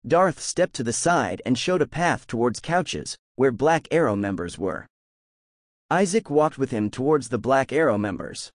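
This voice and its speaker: Male narrator for a novel audiobook, lively reading, dry booth sound. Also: mid-range voice, moderate pace, no room sound.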